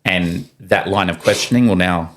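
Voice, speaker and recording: A man's voice: deep voice, normal speed. A man talking as a podcast guest, telling stories casually and acting out quoted voices with energy. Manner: animated, acts out quoted voices. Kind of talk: casual conversational storytelling. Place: podcast studio room.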